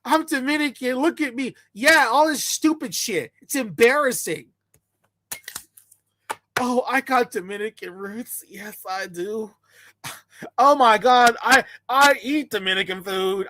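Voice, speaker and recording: A woman rants in a blunt, mocking commentary, her voice bright and sharp-edged. The sound is close and dry, with no room around it. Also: on the high side, measured pace, dry recording. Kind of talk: ranting commentary.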